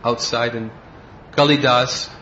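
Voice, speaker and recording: A man giving a devotional class and telling a story in a relaxed way, sometimes chuckling. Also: medium pitch, slow pace. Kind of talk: storytelling sermon. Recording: dull lo-fi recording with faint hiss.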